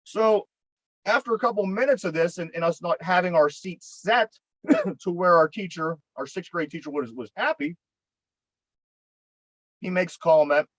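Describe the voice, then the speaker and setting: A podcast co-host with a Pittsburgh accent tells a long, rambling, profane story in casual chat, often repeating his words. His voice is high-pitched and fairly bright, a little slow with frequent pauses. The recording is dry and the audio quality poor.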